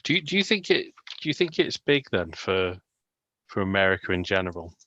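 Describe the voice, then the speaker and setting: A man's voice: low voice, big pitch swings, brisk, a bit bright, highs cut off. A man from the UK co-hosting a casual livestream chat, teasing with dry, mock-serious humour. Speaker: livestream co-host.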